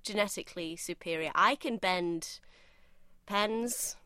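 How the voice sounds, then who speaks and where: A woman's voice: mid-range voice, slow pace, crowd noise. A woman bantering playfully in an improvised comedy podcast.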